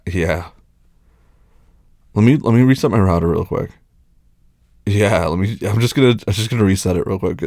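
A young man in a whispered role-play, close to the mic, with low, commanding, teasing talk that often drops to a breathy whisper. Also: a little mellow, dry recording. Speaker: audio role-play performer.

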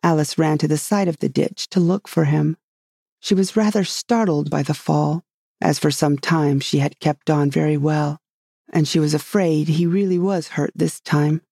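A reader narrating a classic storybook in a steady, measured way. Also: mid-range voice, creaky, dry recording, studio quality.

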